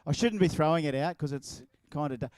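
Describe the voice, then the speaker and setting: An Australian man emceeing at an outdoor racetrack, joking and teasing the crowd. His voice sits fairly high, and the sound is dry and close. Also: a little fast, darkish tone, clear, resonant tone, no room sound. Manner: jokey, playful, teasing. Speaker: event MC. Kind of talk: crowd banter at a live event. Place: outdoor drag racing track.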